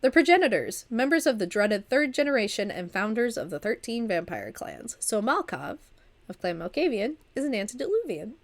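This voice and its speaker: A woman's voice: fairly high pitch, big pitch swings, moderate pace. A woman, recovering from an illness, reading a vampire visual novel aloud on a livestream with chatty asides. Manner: chatty asides, stumbles over words and restarts reading. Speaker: streamer and storyteller.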